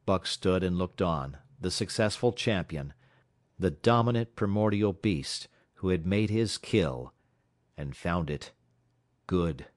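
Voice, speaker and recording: A man from South Carolina narrates an audiobook in a measured, steady way. His voice sits on the low side. The recording is dry and close, with no room sound. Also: dry recording.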